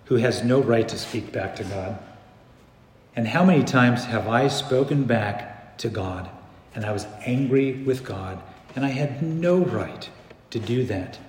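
A man preaching a sermon as pastor, animated, swinging between loud bursts and hushed passages. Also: mid-range voice. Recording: echoey hall.

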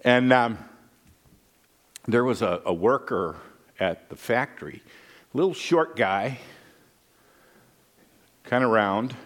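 A middle-aged male pastor delivers a sermon in a relaxed, folksy way, weaving in personal stories. His voice sits at a medium pitch, and he keeps checking in with his listeners with a quick "right?". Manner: folksy, conversational, with frequent "right?" asides. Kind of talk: sermon with storytelling.

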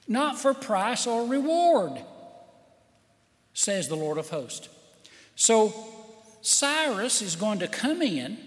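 A man preaching a sermon in a high, animated voice that swoops around as he acts out little quoted lines. He takes his time, and long reverb trails after his words. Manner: lively, with acted-out quotes and small laughs. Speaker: pastor.

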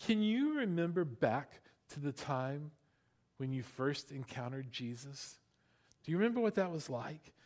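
A middle-aged male pastor preaching a sermon, animated, with playful asides and rhetorical questions to the congregation. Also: a little high, a little slow.

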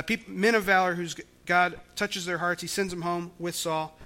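A male pastor explains scripture in a conversational sermon, often restarting his sentences. His voice is high-pitched, pushed and bright.

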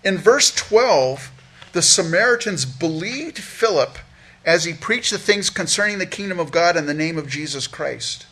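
A man's voice: fairly high pitch, lively intonation, normal speed, sharp tone, slightly rough. A man preaching as a pastor, earnestly teaching through a Bible passage verse by verse, often repeating words as he restarts a thought.

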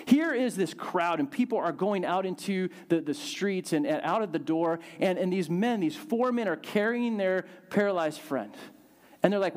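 A man preaching a sermon, telling a Bible story in a lively way and acting out the quotes with big swings in his voice. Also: sits high, normal speed. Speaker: pastor.

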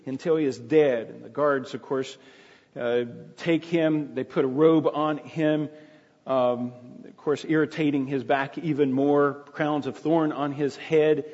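A man preaching a sermon, retelling a story in a plain storytelling way with frequent restarts. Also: fairly high pitch. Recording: dull echoey hall.

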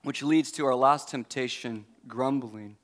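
A man's voice: mid-range voice, unhurried, a bit bright. A man preaching a sermon as pastor in a conversational way, with joking asides and frequent self-corrections. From United States.

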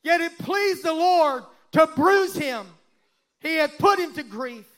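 A pastor preaching a sermon and reading scripture aloud, with dramatic swells and sudden hushes. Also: male voice, very high voice, expressive, takes it slowly. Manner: dramatic, swelling and dropping to a hush.

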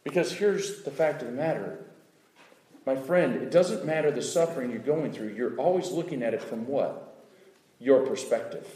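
A man preaching a sermon, animated, acting out little voices and swinging from loud outbursts to hushed asides. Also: mid-range voice, moderate pace, echoey room, low-quality recording. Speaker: pastor.

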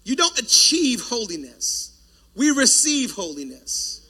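A man preaching a sermon as pastor, loud and forceful, breaking off for joking asides to the congregation. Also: extremely high pitch, very animated, takes it slowly, husky.

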